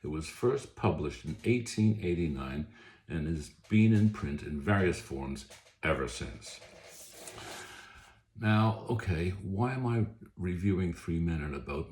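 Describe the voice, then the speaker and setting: A man's voice: low-pitched, animated, unhurried, darkish tone. A man, an author, chatting casually about a book he likes, rambling and correcting himself as he goes. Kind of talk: casual book talk to camera. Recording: echoey room, faint noise.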